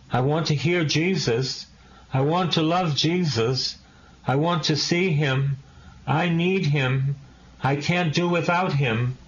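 A man preaching a sermon, repeating phrases and asking rhetorical questions with passion. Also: a little high. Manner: repetitive, impassioned exhortation with rhetorical questions. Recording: dull lo-fi recording.

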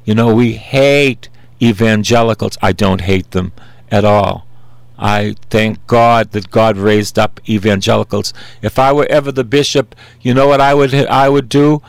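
A man's voice: lowish voice, fairly even intonation, unhurried, vocal fry, dry recording. A man in his sixties preaching a sermon in an earnest, conversational way, repeating simple refrains.

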